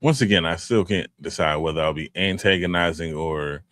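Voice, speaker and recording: A man's voice: low-pitched, brisk, fairly bright tone, dry recording, studio quality. A middle-aged man co-hosting a podcast, talking in a laid-back, rambling way with lots of restarts. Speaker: podcast co-host. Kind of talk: casual chat.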